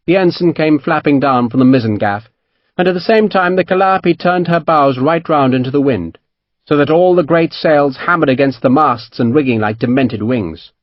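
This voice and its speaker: A man narrating an audiobook in an expressive storytelling manner. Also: a little high, moderate pace, no room sound, lo-fi sound. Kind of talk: scripted narration.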